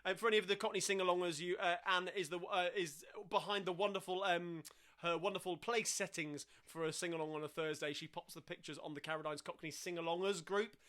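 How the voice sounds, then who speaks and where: A man's voice: high-pitched, steady tone, fast, fairly bright tone. A man hosting a live-streamed sing-along from home, chatting between songs and reading out viewer messages, with lots of fillers and restarts. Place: at home during lockdown.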